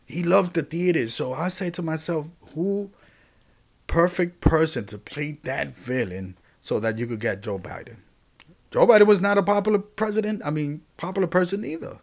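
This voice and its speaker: Rambling, animated male podcast host. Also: fairly high pitch, moderate pace, vocal fry. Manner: rambling and animated, with frequent restarts and asides to listeners. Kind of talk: casual monologue podcast.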